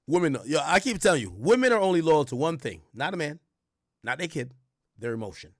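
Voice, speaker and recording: A man's voice: fairly high pitch, sing-song, brisk, dry recording, clean studio sound. A young man streaming commentary, reading documents aloud and reacting bluntly with lots of profanity.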